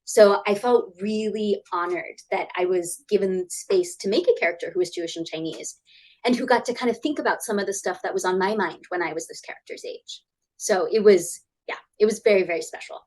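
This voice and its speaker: A woman in her thirties, a guest author chatting in an interview over a video call, animated and acting out quoted voices. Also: brisk, rough recording. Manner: animated, acts out quoted voices with big pitch jumps. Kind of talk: casual interview chat.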